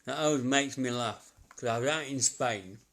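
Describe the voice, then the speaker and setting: His voice medium-pitched and rather bright, a psychic medium rambles casually during a live stream, pausing and hesitating and chuckling to himself.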